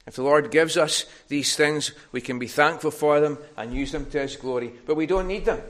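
A man's voice: mid-range voice, moderate pace, few pauses, fairly bright tone. A man preaching a sermon, earnest and tender, building to emphatic peaks.

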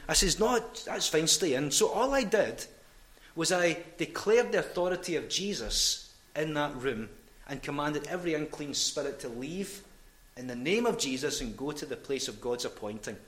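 A Scottish man, a football club chaplain, telling lively anecdotes in a storytelling sermon and acting out the dialogue. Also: fairly high pitch, echoey room. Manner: animated anecdotes, quoting dialogue.

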